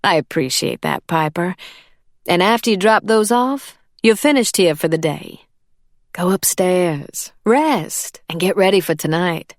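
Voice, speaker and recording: Kind bakery boss lady, slow and appreciative , read by a woman. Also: on the low side, expressive, no echo, clean studio sound.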